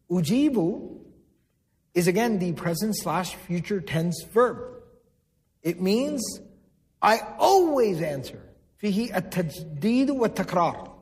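Guy preaching a sermon, fairly high voice, keeps repeating words, big echoey hall. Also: darkish tone. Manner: explains and repeats words for emphasis, asks the audience questions. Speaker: Islamic preacher. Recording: long hall reverb.

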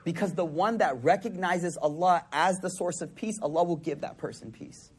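Husky high-voiced preacher. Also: male voice, normal speed. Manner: swings between loud emphatic lines and hushed intimate ones; repeats phrases for emphasis. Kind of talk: sermon. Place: hall with a live audience.

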